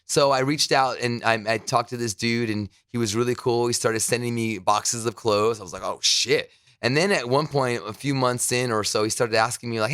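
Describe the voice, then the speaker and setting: A man's voice: mid-range voice, fairly quick, fairly bright tone, no room sound, clean studio sound. A man guest on a podcast, telling loose stories from his career in a casual chat, swearing freely and quoting people he met. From New Jersey. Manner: loose storytelling with swearing and quoted asides. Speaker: podcast guest, radio host. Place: his broadcast studio.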